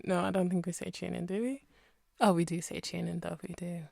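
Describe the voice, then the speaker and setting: A woman's voice: lowish voice, brisk, gravelly, dark tone, no room sound, clean studio sound. A woman in her twenties from the Birmingham area, speaking British English with a slight American twang, chatting and rambling over a game voice-over. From Birmingham area, England. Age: 20s. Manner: chatty, rambling, self-correcting, laughs often. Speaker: Sims speed-build creator. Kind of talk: casual voice-over chat.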